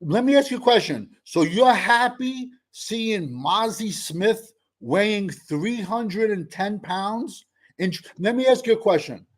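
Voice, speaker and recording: A man with a fairly high voice argues football in a heated debate. He comes off sarcastic and pushy, repeating himself to press his point. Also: lively intonation, slow.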